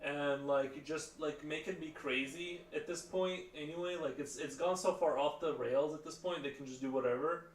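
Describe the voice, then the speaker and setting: A man's voice: on the high side, normal speed, few pauses. A man chatting casually on a live stream, rambling with lots of fillers and restarts. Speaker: livestreamer. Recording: roomy, distant mic, faint background noise.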